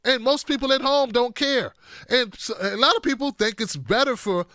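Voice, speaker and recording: A man hosting a livestream of political commentary, animated and talking straight to his viewers, sometimes putting on mocking voices. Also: very high-pitched, moderate pace, no echo, clean studio sound.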